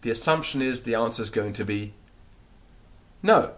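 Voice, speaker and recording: A man teaching a recorded grammar lesson, explaining and repeating words slowly so they can be drilled. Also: mid-range voice, a bit bright. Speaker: language teacher.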